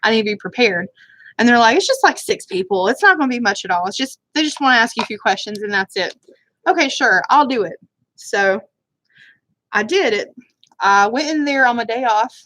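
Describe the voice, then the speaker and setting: A woman's voice: on the high side, expressive, fairly quick, bright, forceful tone, dry recording. A woman telling a rambling, self-deprecating story in casual chat while doing her makeup on a live stream, with a Southern US accent. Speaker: beauty vlogger. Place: home room, live stream.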